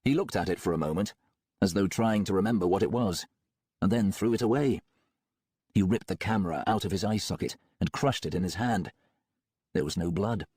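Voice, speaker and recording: Male audiobook narrator, low husky voice, expressive, dry close sound. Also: fairly quick, dry recording. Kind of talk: first-person audiobook narration.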